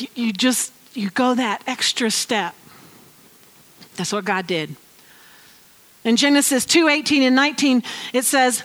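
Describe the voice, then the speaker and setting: A woman giving informal Bible teaching, animated and laughing often as she tells the story. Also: sits high.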